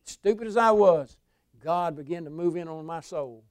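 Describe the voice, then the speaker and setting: A pastor preaching in a folksy storytelling voice, pitched a little high for a man. He drops to a hush and then rises to a shout. The sound is dry and close-miked. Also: normal speed, dry recording. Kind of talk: sermon testimony.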